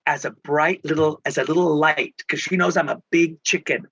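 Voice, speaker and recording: Husky, bright-voiced man telling stories. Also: a little high, fairly quick, hardly any pauses, no room sound, lo-fi sound. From Texas. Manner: animated, theatrical, acts out quoted voices. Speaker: guest, spiritual healer. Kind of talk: emotional storytelling in conversation.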